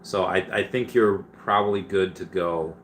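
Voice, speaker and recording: A man's voice: deep voice, fairly even intonation, moderate pace, a bit bright, slight background noise. A man hosting a casual livestream, reading viewer questions aloud and answering them with many fillers and restarts.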